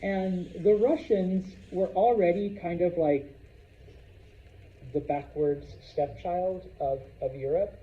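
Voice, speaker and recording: A man's voice: high-pitched, steady tone, slow pace, distant mic. A male history teacher gives a casual classroom lecture and keeps checking in with his students. He is recorded from across an echoey classroom. The sound is dull, with faint room noise behind him. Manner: chatty, checks in with frequent "okay?".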